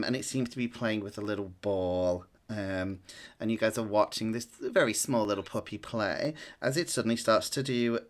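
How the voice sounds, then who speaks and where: A man narrating as game master, relaxed and full of ums and restarts. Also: lowish voice.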